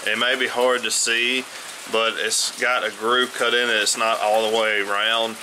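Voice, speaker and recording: A man's voice: on the low side, level tone, normal speed, noisy background. A man vlogging his DIY truck work in a loose, rambling way, full of ums and uhs, talking from inside his house. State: groggy, just woken up. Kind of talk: casual workshop vlog.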